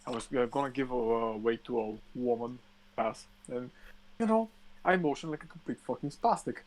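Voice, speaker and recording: A man's voice: medium pitch, moderate pace, crowd noise. Profane, ranting male podcast host. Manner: profane animated ranting storyteller. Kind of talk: casual podcast chat.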